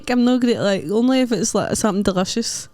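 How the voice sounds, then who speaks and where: A woman's voice: fairly high pitch, fast talker, a little mellow, no echo. Scottish lady on a podcast, chatty and playful, dead dry close mic. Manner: playful, insistent. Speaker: podcast co-host. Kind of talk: casual chat.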